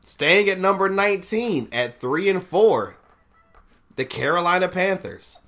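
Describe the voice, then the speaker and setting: Bright-voiced man reading sports rankings. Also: high voice, lively intonation, a little slow. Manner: reads list out, laughs and swears at results. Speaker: podcast host. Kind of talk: casual sports rankings rundown.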